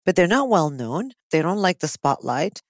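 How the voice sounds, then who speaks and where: A woman hosts a casual podcast as a psychologist, speaking frankly with emphatic asides. Her voice sits low for a woman. The sound is dry and close. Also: sing-song, moderate pace, no echo. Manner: frank, emphatic, many affirming interjections.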